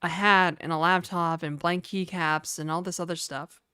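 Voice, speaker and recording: A woman's voice: on the low side, steady tone, moderate pace, sharp tone, clear, resonant tone, no room sound, studio quality. A woman from New Brunswick, chatting casually and rambling on a livestream, joking and laughing often. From New Brunswick, Canada.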